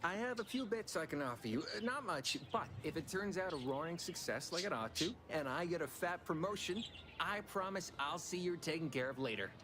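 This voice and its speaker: A man's voice: on the high side, lively intonation, brisk, background noise, close to an everyday voice. An actor playing a scheming, talkative corporate underling with folksy salesman patter in a video game. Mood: wheedling.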